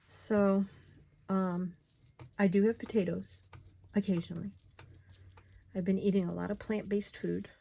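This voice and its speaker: A woman's voice: mid-range voice, level tone, slow, vocal fry, pauses often, dark tone, breathy edge. A middle-aged woman chatting casually while she crafts, muttering to herself as she works.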